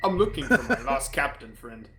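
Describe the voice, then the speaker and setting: A man's voice: medium pitch, very animated, moderate pace, a bit bright, soft background music. A man voicing a friendly dragon-kin tribal warrior who talks in a polite, easygoing way in a tabletop game.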